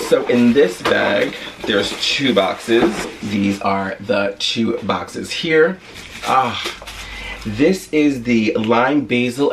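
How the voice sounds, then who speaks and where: A man's voice: medium pitch, gravelly, distant mic, noisy background. A man talking through a shopping haul in a casual vlog, gushing and rambling with enthusiasm. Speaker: vlogger.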